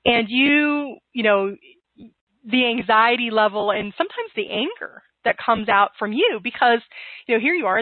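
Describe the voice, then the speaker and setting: A woman giving calm, steady divorce-coaching advice in an interview, with frequent fillers. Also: on the high side, dry recording, phone-quality sound.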